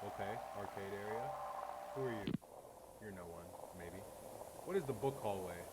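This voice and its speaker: A man reacting to a video in casual commentary, swearing often and yelling back at the screen. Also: on the low side, moderate pace, heavy background noise.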